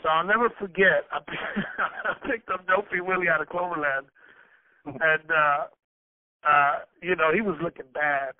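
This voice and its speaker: A man's voice: a little high, moderate pace, dry recording. A man being interviewed, telling a loose story full of swearing and stammered restarts. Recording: dry, tinny phone-like sound.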